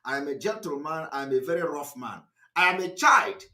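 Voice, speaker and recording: Fiery Nigerian man, high lively voice. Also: a little fast. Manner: emphatic, repetitive, defiant. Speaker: activist broadcaster. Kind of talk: impassioned live online broadcast.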